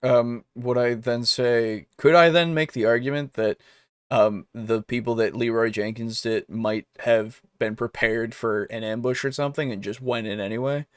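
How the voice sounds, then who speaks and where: A man's voice: mid-range voice, fairly even intonation, normal speed, smooth, no room sound. Chatty man on a dry mic. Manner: chatty, enthusiastic, laughs often, many fillers. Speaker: podcast co-host. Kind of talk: casual chat.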